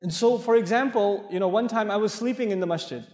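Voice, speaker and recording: A fast-talking middle-aged Islamic lecturer, his high voice with a darkish tone, entertains a mosque audience with playful stories, performing the dialogue as he goes. The animated lecture echoes around a large hall, heard from far away.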